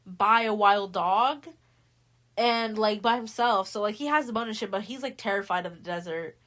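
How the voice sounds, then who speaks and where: Casual, slangy young woman retelling a story. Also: medium pitch. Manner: animated, acts out characters' lines in quick voices; swears freely, heavy slang. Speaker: podcast host. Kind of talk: casual book recap.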